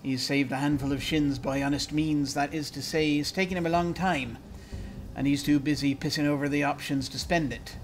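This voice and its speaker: A man's voice: on the high side, fast, slight background noise, natural voice. A man voicing a sour, cryptic old midwife in a video game, scolding in old-fashioned phrasing over faint game music. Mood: stern. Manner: stern, scolding, archaic phrasing.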